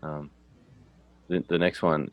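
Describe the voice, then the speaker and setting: An Australian man hosting a relaxed English-learning chat, laughing easily and filling pauses with ums. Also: very deep voice, dull audio. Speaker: English teacher and channel host. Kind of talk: casual conversational interview.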